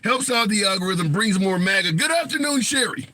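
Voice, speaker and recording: A man's voice: high voice, lively intonation, brisk, bright, forceful tone, dry recording. A man hosting a political livestream, reading viewer comments aloud and taking callers in a chatty way. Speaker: livestream host.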